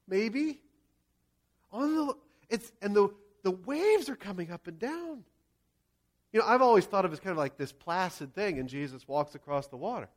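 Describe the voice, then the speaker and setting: A male pastor preaching a sermon, acting out scenes and shouting quoted lines. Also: extremely high pitch.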